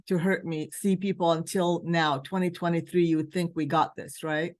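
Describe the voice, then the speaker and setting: A woman's voice: lowish voice, normal speed, darkish tone. A woman from Palestine hosting a virtual spiritual gathering, speaking earnestly and with emotion, urging her listeners, recorded over a video call mic. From West Bank, Palestine. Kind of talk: heartfelt talk to a virtual group.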